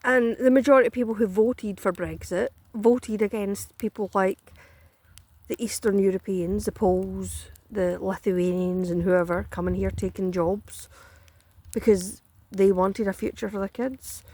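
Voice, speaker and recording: A woman's voice: mid-range voice, fairly even intonation, measured pace, mellow, no room sound. A Scottish woman ranting bluntly and profanely in a casual chat, dry and close to the mic. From Scotland. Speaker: political commentator.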